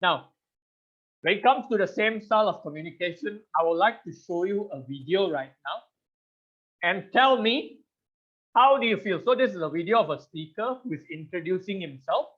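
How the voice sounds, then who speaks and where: A man in his thirties, a public speaking trainer, giving an animated online class, laughing often and quizzing the audience over a video call. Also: sits high, normal speed, muffled recording. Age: 30s.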